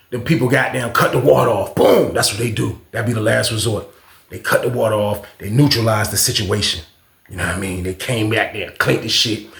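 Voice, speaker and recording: Brief: male vlogger, gravelly, loose and profane storyteller, roomy echo. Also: on the low side, fairly bright tone. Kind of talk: casual storytime.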